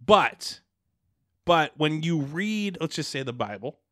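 Male podcast host, slightly high, bright tone, rambling delivery, dry close sound. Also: slow, dry recording. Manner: rambling, animated, lots of restarts. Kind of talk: casual chat.

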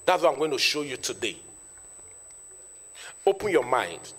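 A man's voice: mid-range voice, big pitch swings, normal speed, a bit bright, husky. A Nigerian man in his thirties, a network marketing trainer, giving an emphatic motivational speech to an audience and repeating lines for effect. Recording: long reverb in a hall.

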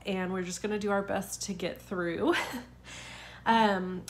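Woman, middle-aged, stuffy nose, chatty craft tutorial, lots of ums, mid pitch. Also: fairly even intonation, slow pace, pauses often, a little hiss or hum. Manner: chatty, frequent "um" fillers. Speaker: card-making demonstrator.

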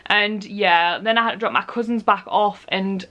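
A woman's voice: medium pitch, moderate pace, a bit bright, highs cut off. A young woman talks straight into a handheld camera in a room at home. She sounds tired and rambles in a chatty, apologetic way. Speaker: vlogger. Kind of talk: casual vlog chat to camera.

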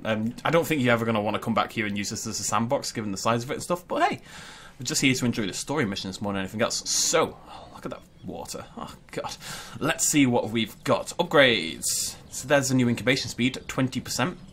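A man's voice: mid-range voice, quick pace, a little hiss or hum. Chatty New gamer man. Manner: chatty and excitable, thinks aloud. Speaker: gaming YouTuber. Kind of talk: gameplay commentary.

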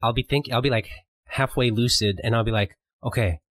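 A man co-hosting a podcast in casual chat, relaxed and rambling, laughing often. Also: mid-range voice, fairly quick, no room sound. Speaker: podcast co-host.

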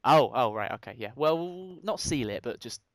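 A man's voice: medium pitch, animated, normal speed, no echo. A young man co-hosting a Let's Play, reading in-game signs aloud and bantering casually. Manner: joking, reads in-game text aloud. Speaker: gaming co-host.

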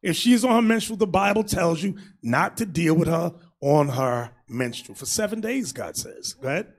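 A man preaching as a bishop in a loose, comic style, animated and often shouting, acting out quotes. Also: fairly high pitch, moderate pace, breathy edge.

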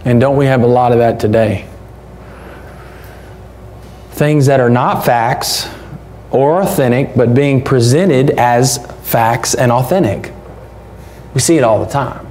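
Male pastor, relaxed warm sermon delivery, faint noise in the church recording. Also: medium pitch, slow pace, pauses often. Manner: conversational, folksy, rhetorical questions.

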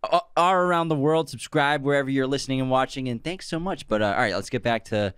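A man's voice: medium pitch, fast talker, a bit bright, clean tone, dry recording, clean studio sound. Joking man co-hosting a podcast. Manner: joking, laughs often. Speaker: podcast co-host. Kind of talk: casual chat.

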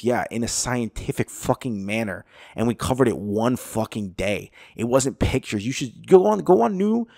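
A man's voice: medium pitch, sing-song, fairly quick, vocal fry, few pauses, a little mellow, no echo, studio quality. A man hosting a podcast alone, ranting in anger, swearing heavily and hammering his points home through repetition. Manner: heated, profane, emphatic repetition. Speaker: podcast host. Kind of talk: angry solo rant.

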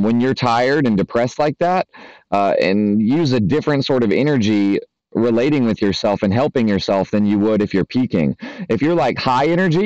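A man's voice: medium pitch, darkish tone, no echo. A man, a spiritual coach, talking loosely and casually to his listeners, with many fillers and the odd swear word. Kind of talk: casual spoken monologue. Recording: dry, slightly dull lo-fi audio.

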